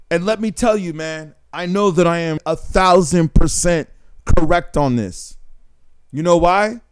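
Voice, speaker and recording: This channel host's voice is high-pitched, a little mellow and smooth. He talks to camera in a casual monologue, blunt and emphatic, and often ends lines with "man" and "right?".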